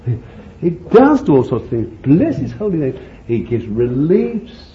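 A man preaching a sermon, calling his listeners beloved, laughing between points and jumping high when he voices prayers and pleas. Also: unhurried. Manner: animated, jumps to high pitch for quoted pleas. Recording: dull lo-fi old sermon tape with faint hiss.

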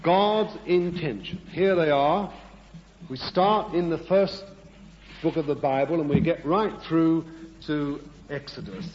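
A man's voice: a little high, takes it slowly, darkish tone, slight background noise. A man delivering a sermon, emphatic and repetitive, questioning his congregation. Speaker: preacher. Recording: dull lo-fi echoey hall.

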